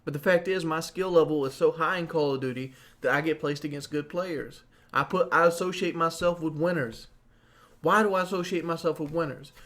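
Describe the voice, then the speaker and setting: A young man giving a boastful, profane rant to camera as a gaming commentator, mocking his critics. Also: on the high side.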